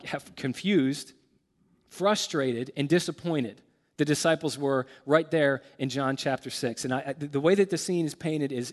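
A man preaching a sermon, talking with heartfelt emotion and frequent halting repetitions. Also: fairly high pitch. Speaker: pastor. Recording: long hall reverb.

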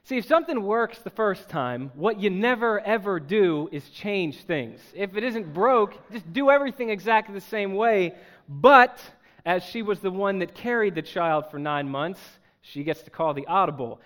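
Lively, high-voiced male pastor telling a story. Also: moderate pace. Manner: humorous, self-deprecating, animated storytelling. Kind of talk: sermon storytelling. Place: church service.

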